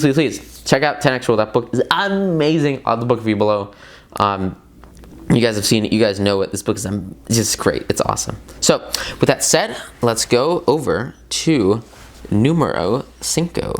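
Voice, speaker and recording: Male self-help book reviewer: hyped-up, emphatic, rambling, calls the audience "guys.". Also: lowish voice. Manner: excitable and emphatic, repeats words for stress, addresses viewers as "guys"; loose and rambling, with many fillers and side tangents. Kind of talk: casual motivational book commentary.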